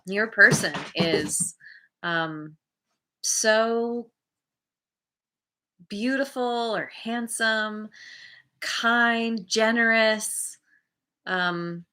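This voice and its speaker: A woman's voice: fairly high pitch, extremely slow, pauses often, pushed and bright. A woman doing a casual tarot reading to camera, chatty and meandering, laughing at herself. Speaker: tarot card reader.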